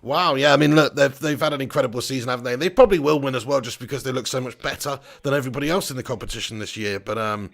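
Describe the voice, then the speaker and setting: A man's voice: medium pitch, very fast, vocal fry, few pauses, a bit bright. A man who hosts a live football watch-along, commenting on the match and reading viewers' comments in a jokey, rambling way. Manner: chatty, jokey, rambling, banter-heavy.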